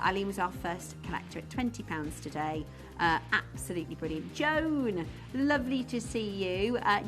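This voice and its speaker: A woman's voice: medium pitch, a bit bright. A woman presenting live on a shopping channel, chatty and enthusiastic as she banters with colleagues off camera. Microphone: studio mic.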